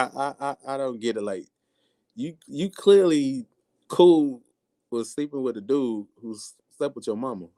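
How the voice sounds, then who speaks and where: A man's voice: medium pitch, no echo. A man hosting a casual livestream, talking bluntly and with animation, acting out the things people say. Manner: animated, blunt, acts out quotes. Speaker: livestream host. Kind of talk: casual live-stream commentary.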